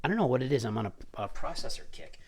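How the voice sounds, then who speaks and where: A man hosts a casual home cooking stream, rambling and joking as he chops and stirs. His pitch swings all over the place as he talks. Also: big pitch swings, very fast, creaky, a little mellow. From Irish family roots. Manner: jokey, rambling, chatty. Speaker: cooking show host.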